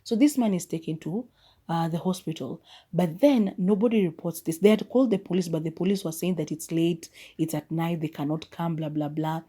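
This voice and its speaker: Indignant woman host, mellow low voice. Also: brisk. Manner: emphatic, indignant retelling. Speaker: podcast host. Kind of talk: casual movie review.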